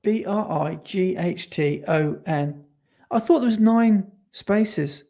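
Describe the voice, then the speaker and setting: A man's voice: high voice, slow, vocal fry, mellow. Chatty man co-hosting a podcast. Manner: chatty, rambling, self-correcting. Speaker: podcast co-host. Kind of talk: casual chat.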